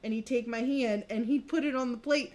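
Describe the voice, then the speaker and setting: A young woman co-hosting a podcast, chatting casually and telling lively family stories. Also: fairly high pitch. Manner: animated storyteller, chatty and quick to laugh. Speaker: podcast co-host. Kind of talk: casual chat.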